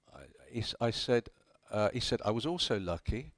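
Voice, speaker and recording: A man's voice: mid-range voice, lively intonation, normal speed, few pauses, dry recording. A man giving a conference talk, telling history as wry anecdotes and acting out the quoted dialogue. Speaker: conference speaker. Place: conference hall.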